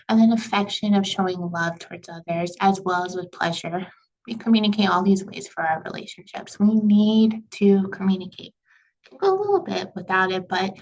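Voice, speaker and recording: A young woman giving a recorded college lecture over slides. Her voice has a gravelly edge, and her delivery stays conversational and loose, with frequent fillers as she explains each point. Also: mid-range voice, low-quality recording. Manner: conversational, uses "like" and "you know" often. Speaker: college communication instructor.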